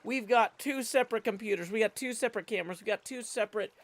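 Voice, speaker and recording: A man's voice: high-pitched, quick pace, a bit bright, no echo. A middle-aged man, chatting casually on a live stream from his home studio, reading chat aloud and humming to himself. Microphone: studio XLR mic.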